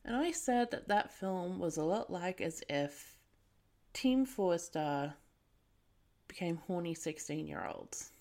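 A woman hosts a podcast and reviews a film in a loose, irreverent monologue. She talks at an unhurried pace and sits a little low in pitch. She swears and laughs easily. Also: lively intonation, a little mellow. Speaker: podcast host.

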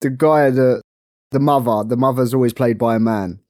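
Co-hosting a laid-back chat podcast, this young Londoner talks at a moderate pace in a typical mid-range voice, playful and talkative with frequent laughs. The audio is close and dry, without any room reverb.

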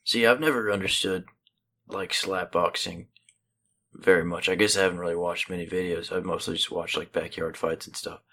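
A man in casual chat who mostly gives short replies and makes dry, deadpan jokes. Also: low-pitched, moderate pace.

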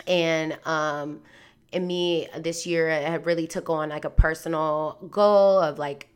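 A woman in her thirties hosts a reflective personal podcast, talking candidly and earnestly about faith and lessons learned, with plenty of "like" and "um." She offers faith-centered encouragement in a conversational way, her low voice pushed and bright with a clean tone.

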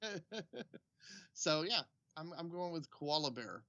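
A man co-hosting a podcast in casual banter, giggling and breaking into loud outbursts. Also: on the high side, very animated, a little slow, no echo, dull audio. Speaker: podcast co-host.

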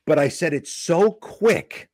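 A man's voice: a little high, slow pace, no room sound, studio quality. A middle-aged man, a stand-up comedian, telling a story in a casual talk, acting out the people in it. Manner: animated storytelling with acted-out voices. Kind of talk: storytelling on a podcast.

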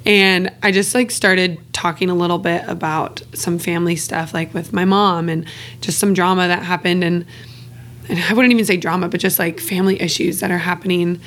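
A woman co-hosts a candid, casual podcast in a lowish, steady, fairly bright voice at a moderate pace. She talks openly, swears freely, and laughs between phrases, with a little hiss or hum on the recording.

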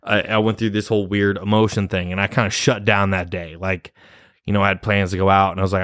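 A man's voice: low voice, little pitch movement, fast, a bit bright, no echo, clean studio sound. A young man telling a personal story in a rambling, casual way, cursing often and laughing nervously. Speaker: vlogger.

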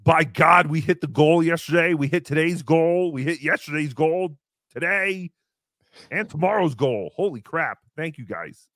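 A man voicing a brash, crude male turkey puppet as host of a comedy stream, in a squeaky, excitable voice. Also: normal speed, no echo, studio quality. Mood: excited. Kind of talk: live comedy stream banter.

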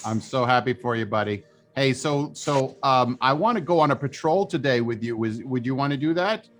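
Halting man describing his moves. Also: mid-range voice, faint music behind. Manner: halting, filler-heavy phrasing. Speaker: player. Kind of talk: tabletop role-play.

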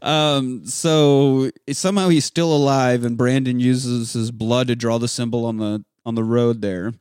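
A man at a middle pitch, chatting casually and profanely. He retells a movie plot in animated bursts and slips into the characters' voices. The sound is dry and close, with no room echo. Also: unhurried, clear, resonant tone. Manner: animated storytelling, acting out characters' lines. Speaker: podcast co-host recapping a film.

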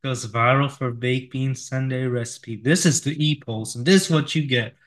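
A man co-hosting a casual weekend radio show, reading odd news stories aloud with fillers and frequent chuckles. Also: mid-range voice. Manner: chuckles often, reads stories in a halting way with fillers.

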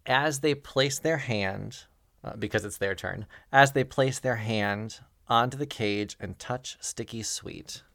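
Game master, male, slow deliberate narration, dry close sound. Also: mid-range voice, creaky, a bit bright, no room sound. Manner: unhurried narration, chuckling often.

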